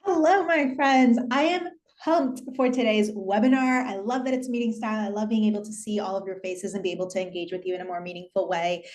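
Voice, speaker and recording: A woman's voice: mid-range voice, fairly quick, few pauses, a little mellow. A woman working as a customer education manager, introducing herself on a webinar in an upbeat, friendly way over a video call.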